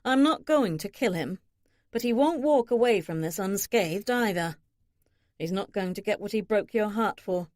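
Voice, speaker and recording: A woman voicing a protective young nobleman who talks in a flat, threatening way. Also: sits high, moderate pace, no echo. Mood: stern. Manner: dry, threatening.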